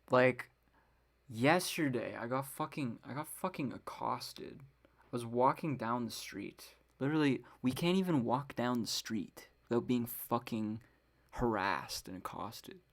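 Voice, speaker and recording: Rambling, swearing woman podcaster. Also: a bass voice. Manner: rambling, many fillers and frequent swearing; exasperated ranting. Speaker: podcast host. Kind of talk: casual solo podcast monologue.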